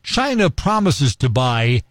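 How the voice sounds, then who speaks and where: Brief: man, casual commentator, lively swooping pitch, dry close sound. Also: slow pace, no room sound. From United States. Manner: chatty, wry, folksy asides. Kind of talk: casual explainer monologue.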